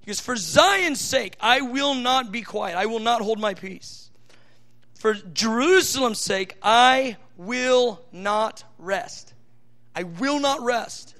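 A man preaching a sermon, teaching from scripture with fervent emphasis, rushing asides and slowing down to stress key phrases. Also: very high voice, bright, forceful tone.

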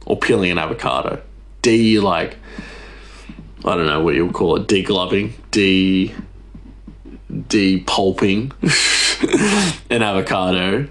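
A man hosting a podcast, ranting casually in a rambling, exasperated way, his voice jumping up for emphasis. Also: low-pitched. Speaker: podcast host. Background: faint music.

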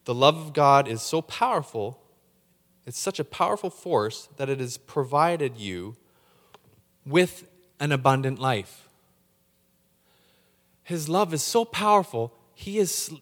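A man's voice: medium pitch, unhurried, in a large hall. A man preaching a sermon, getting fired up and tripping over repeated words as he talks. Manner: excitable, gets hyped up when preaching. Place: church hall.

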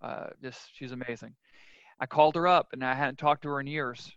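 A man's voice: medium pitch, steady tone, brisk, fairly bright tone, smooth, no room sound. A man speaking as a podcast guest, telling his own story in a frank, earnest, confessional way. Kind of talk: casual interview storytelling. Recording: dull lo-fi dry sound.

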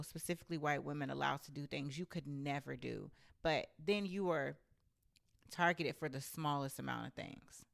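A woman telling a story from her own life in a blunt, animated and profane casual rant. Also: deep voice, vocal fry.

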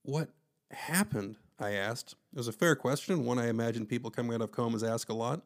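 A man's voice: medium pitch, quick pace. A man narrating a first-person story with wry, conversational asides.

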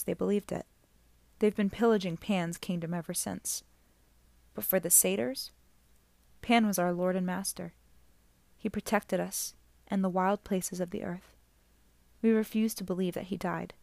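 Woman, audiobook narrator, steady reading voice, dry close recording. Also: medium pitch, normal speed, creaky, pauses often, no room sound.

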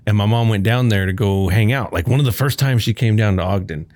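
Casual young guy, low-ish voice, relaxed anecdote telling. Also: fairly quick, no room sound. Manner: laid-back, swears often, laughs while telling. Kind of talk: casual storytelling chat.

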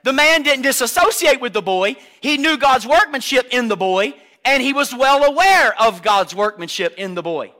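Brief: male preacher, high bright voice, emphatic and repetitive delivery. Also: lively intonation, normal speed. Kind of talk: sermon.

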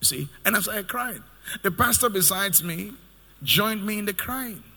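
Male preacher, high bright tone, sermon delivery in a reverberant church hall. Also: lively intonation, normal speed. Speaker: pastor.

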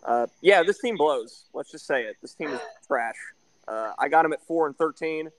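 A man's voice: fairly high pitch, lively intonation, normal speed, no echo, poor audio. Guy on a sports podcast out in a backyard, blunt, runs thru the stats, dry close sound with crickets behind. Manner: blunt, breaks down records and stats. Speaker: podcast co-host. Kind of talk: casual sports podcast chat. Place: backyard, outdoors.

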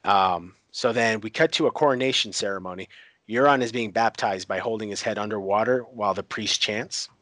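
A man casually retells an episode, moving scene by scene with easy fillers. His voice is low and the sound is close and dry. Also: a little fast, a bit bright, dry recording. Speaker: storyteller recapping a TV episode.

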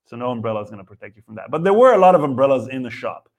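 Animated rambling comedian man. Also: mid-range voice, rapid-fire. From Israel. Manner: rambling, profane, self-interrupting rant. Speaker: comedian host. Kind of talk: live comedy rant.

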